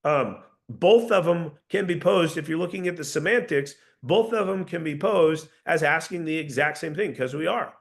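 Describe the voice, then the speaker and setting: A man leads a casual sales coaching talk with a group, earnest and full of restarts. His voice sits a little high and carries a gravelly fry. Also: lively intonation, moderate pace, hardly any pauses. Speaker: sales trainer.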